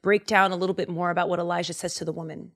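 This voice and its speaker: Animated slangy woman retelling Bible stories. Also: fairly low pitch, racing. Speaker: podcast host.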